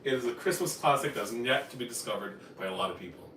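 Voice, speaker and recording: A man's voice: medium pitch, animated, fast talker, fairly bright tone, roomy sound, far from the mic, a little hiss or hum, rough recording. Chatty man hosting a kitchen live stream. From Newfoundland, Canada. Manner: rambling, chatty, self-correcting. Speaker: cooking show host. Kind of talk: casual live-stream cooking chat. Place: home kitchen.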